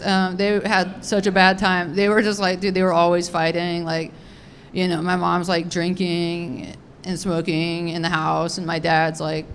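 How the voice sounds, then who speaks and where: A young woman doing a stand-up comedy set, crude and unfiltered, rambling with lots of "dude" and "like", her voice a little raspy. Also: medium pitch, fairly bright tone, slight background noise. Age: young adult.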